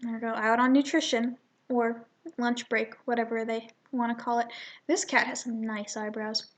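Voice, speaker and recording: A woman's voice: fairly high pitch, level tone, moderate pace. A young woman casually reading a comic aloud, chatty and often stumbling and correcting herself. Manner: chatty, stumbling over words, self-correcting. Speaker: reader of a fan comic. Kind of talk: casual comic read-along with voices.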